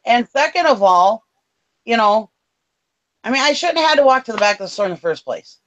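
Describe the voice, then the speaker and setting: A woman's voice: on the high side, animated, fairly quick, a bit bright, highs cut off. A woman co-hosting a casual show, telling an angry story with blunt swearing. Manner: fired-up storytelling, swears freely. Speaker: co-host. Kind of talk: casual chat.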